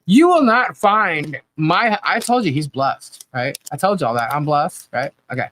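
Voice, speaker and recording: A woman's voice: deep voice, lively intonation, unhurried, fairly bright tone, slight background noise, rough recording. A middle-aged woman co-hosting a podcast livestream, chatting casually and candidly, reading comments and laughing often. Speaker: podcast co-host.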